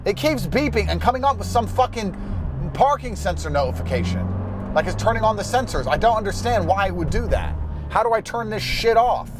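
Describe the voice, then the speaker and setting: A man with a fairly high voice rants bluntly while driving. He heaps profane complaints on the car, talking straight at his audience. A faint hum of car and road noise sits under his voice. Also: sing-song, fairly quick. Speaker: host.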